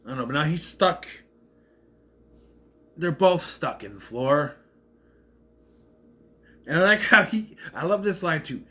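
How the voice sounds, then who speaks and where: Guy rambling thru a movie recap, lively up and down voice, kinda high. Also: measured pace, pauses often. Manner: rambling, self-correcting retelling.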